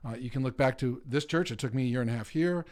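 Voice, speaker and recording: Fast-talking man, candid pastor. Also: medium pitch, darkish tone. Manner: candid, conversational, rambling with restarts. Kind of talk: casual chat.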